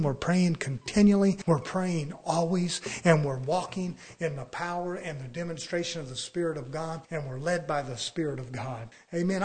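A middle-aged man preaching an impassioned sermon, firing off rhetorical questions and breaking into sudden loud bursts. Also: on the high side. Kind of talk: fiery sermon.

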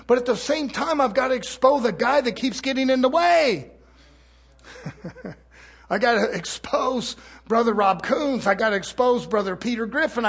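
High husky-voiced male preacher. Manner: fervent, swinging from hushed asides to shouting; folksy, plain-spoken. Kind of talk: sermon.

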